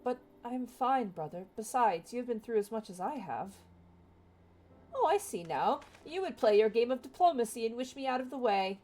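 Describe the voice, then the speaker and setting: A woman voicing a headstrong, sharp-tongued young woman, reading game dialogue in near her own voice. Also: on the high side, animated, normal speed, pitched above the performer's own voice. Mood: defiant.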